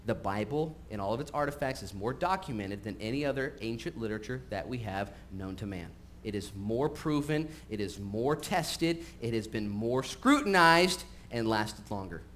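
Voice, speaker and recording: A pastor giving a sermon at a church service, moving from casual, joking asides to earnest points. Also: male voice, lowish voice, expressive, moderate pace, hardly any pauses, a bit bright. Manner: conversational and humorous, shifting into earnest emphasis. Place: church service, recorded live. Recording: faint background noise from a live stream.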